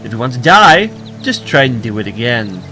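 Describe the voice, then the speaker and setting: A man reading the lines of the male adventurer he plays in a video game, in a flat, tired voice. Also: mid-range voice, normal speed, soft background music, rough recording. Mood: stern. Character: male adventurer, the player's hero.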